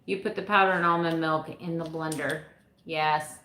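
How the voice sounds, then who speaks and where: A woman's voice: low voice, steady tone, normal speed, pushed and bright. A woman in her fifties chatting casually with her live viewers, rambling a little and laughing often. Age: 50s. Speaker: vlogger answering live chat. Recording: echoey room.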